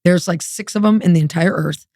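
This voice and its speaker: A woman as a guest, telling her testimony in a lively, streetwise way and acting out the dialogue. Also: on the low side, brisk, no room sound, studio quality. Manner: animated, acts out dialogue, streetwise. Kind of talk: testimony storytelling.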